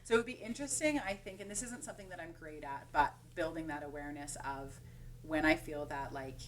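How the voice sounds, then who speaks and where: A woman's voice: low voice, fairly quick, far from the mic, slight background noise. A woman who is a massage therapist, chatting as a podcast guest and explaining with hands-on examples. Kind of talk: casual podcast chat.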